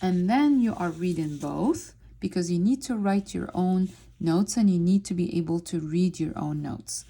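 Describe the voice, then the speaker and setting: A woman teaching a beginner reading lesson, sounding out words syllable by syllable and repeating each one slowly. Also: on the low side, warm tone. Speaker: Arabic teacher. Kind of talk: slow step-by-step reading lesson.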